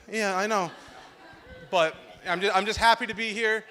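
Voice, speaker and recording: A man's voice: high-pitched, steady tone, normal speed. A young man giving a joking, heartfelt groomsman's toast at a wedding reception, speaking into a handheld microphone. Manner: loud, joking, emotional storytelling.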